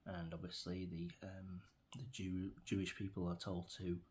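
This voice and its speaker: A middle-aged Englishman with a low, deep voice talks straight to camera in a rambling, opinionated rant. He hesitates and restarts often and wanders from one grievance to the next. A faint hiss of noise sits under his voice. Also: completely flat delivery, moderate pace, darkish tone. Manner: meandering, opinionated, many fillers and restarts. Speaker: vlogger.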